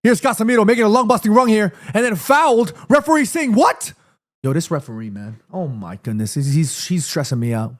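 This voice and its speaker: A man streaming a football watchalong, calling the play live and chatting to his viewers in an excitable, slangy way. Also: high voice, brisk, hardly any pauses. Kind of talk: live play-by-play commentary and chat.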